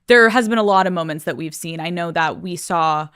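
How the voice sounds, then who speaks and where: A woman host with a somewhat low, smooth, clear voice. She asks her questions gently and evenly. The sound is close and dry, with no room echo. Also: fairly quick. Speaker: podcast host. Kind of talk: interview questions.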